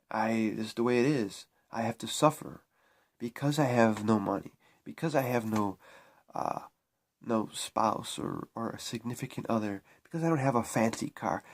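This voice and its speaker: A man talking to camera in a spiritual vlog, preaching in a repetitive, emphatic way with frequent restarts. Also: mid-range voice. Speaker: spiritual vlogger.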